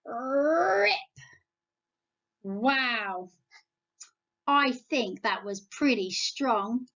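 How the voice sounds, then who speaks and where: A woman's voice: high voice, muffled recording. A woman with an English accent leading a Bible lesson for young children, playful and encouraging, asking them to join in. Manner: animated, slow and playful, speaking to young children. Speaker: children's church leader. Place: church setting, home video.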